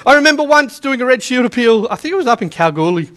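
A man preaching in a loose, conversational way, breaking into little acted-out quotes. His voice sits very high and sounds bright and forceful. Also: sing-song, quick pace. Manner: chatty, storytelling, acts out quotes. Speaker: pastor. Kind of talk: sermon.

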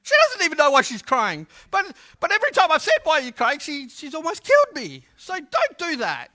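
Aussie guy preaching, really high bright voice, jokey and chatty, gets loud then drops quiet. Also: huge pitch swings, brisk. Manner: humorous, conversational preaching with swings from loud to hushed. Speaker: pastor. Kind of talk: sermon.

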